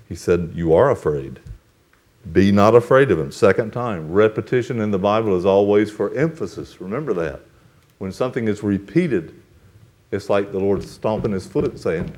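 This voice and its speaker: A pastor preaches a church sermon, reading scripture in a solemn, measured King James cadence and then explaining it in plain language. His delivery varies widely, rising to loud, emphatic peaks before falling to soft, low asides to the congregation.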